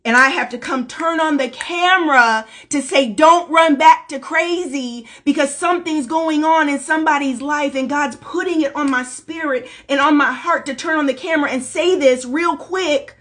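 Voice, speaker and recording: A woman's voice: high voice, normal speed, hardly any pauses, a bit bright. A woman giving an impromptu, emphatic spiritual pep sermon live from home on her phone camera, in casual folksy slang and repeating lines for emphasis. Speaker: spiritual life coach. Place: at home, packing. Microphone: phone or webcam, going live.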